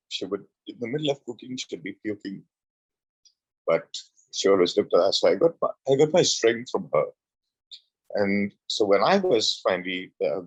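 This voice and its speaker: Deep husky man, heartfelt. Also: no echo, rough recording. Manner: heartfelt, repeats himself for emphasis. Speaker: interview guest, entertainer. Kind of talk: emotional personal story.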